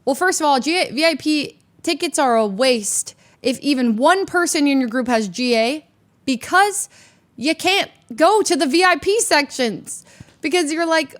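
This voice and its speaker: A woman streamer telling stories in casual chat, animated and full of restarts, her voice a little worn from screaming. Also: high voice, moderate pace. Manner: animated storytelling with lots of restarts and acted quotes.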